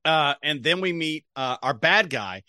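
Man co-host, bright tense tone, dry close sound, jokey movie recap. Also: a little high, expressive, a little slow, dry recording. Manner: jokey, recaps plot with fillers and restarts. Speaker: podcast co-host. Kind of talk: casual movie recap chat.

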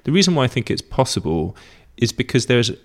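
A man's voice: mid-range voice, very animated, brisk. A British man with a British English accent, an actor chatting as an interview guest, rambling and correcting himself as he tells stories. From Britain. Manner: rambling, self-correcting storyteller. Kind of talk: casual interview chat.

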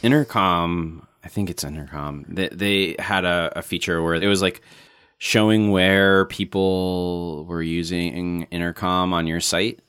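A man's voice: low voice, fairly even intonation, measured pace, a bit bright, clear, resonant tone, no echo. A man designer talking casually with dry humor. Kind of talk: casual chat.

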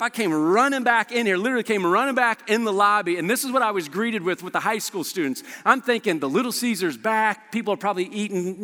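A man in his thirties preaches in a big echoey hall. His voice sits high and sounds bright. He tells stories with energy and throws in quick quoted asides. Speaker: pastor. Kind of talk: sermon. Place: church auditorium.

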